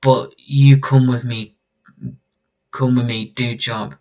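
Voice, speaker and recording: A man's voice: mid-range voice, flat delivery, slow, warm tone, distant mic, close to an everyday voice. A man reading out a terse masked male vigilante who talks in clipped, broken sentences with dropped words. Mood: curt.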